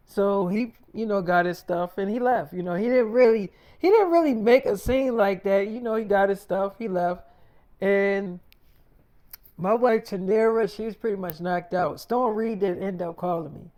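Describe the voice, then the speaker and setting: A man's voice: high voice, moderate pace, a little mellow. A man telling a long story in a rambling, profane, casual way, repeating himself and quoting others as he goes.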